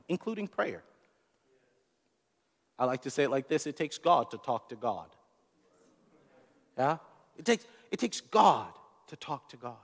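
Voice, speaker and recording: High-voiced preacher in a reverberant hall. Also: male voice. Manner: animated preaching, repeats words, asks the congregation questions. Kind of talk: sermon.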